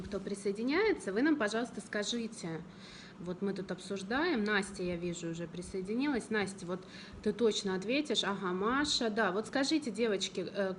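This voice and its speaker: A woman with a Russian accent, an English teacher hosting a live-stream interview and firing quick questions at the audience and guest. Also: medium pitch, a little hiss or hum.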